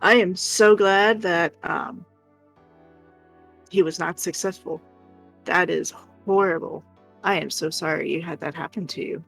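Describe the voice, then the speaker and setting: A woman's voice: lowish voice, fairly even intonation, measured pace, vocal fry, pauses often, husky, soft background music. A woman streamer telling stories in casual chat and laughing often. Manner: chatty storytelling, laughs often.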